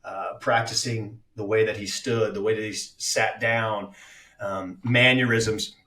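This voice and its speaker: Guy on a podcast talking acting, kinda low voice, lots of ums and restarts, echoey room. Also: fairly even intonation, unhurried, bright, forceful tone, distant mic, a little hiss or hum. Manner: reflective, with many fillers and restarts. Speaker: actor guest. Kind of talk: casual podcast interview.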